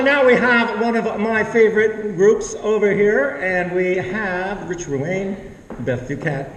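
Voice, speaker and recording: A man hosting a live show, introducing acts in an upbeat, folksy way. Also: high voice. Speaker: show host, emcee. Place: town hall stage. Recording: echoey hall, distant mic, crowd noise.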